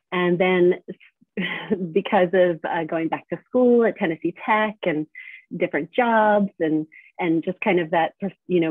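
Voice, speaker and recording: A woman's voice: fairly low pitch, no echo. A woman from New York State, raised in South Florida, chatting as an interview guest in a friendly way and laughing easily. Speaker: guest, business owner. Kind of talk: interview answers. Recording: dry, tinny phone-like line.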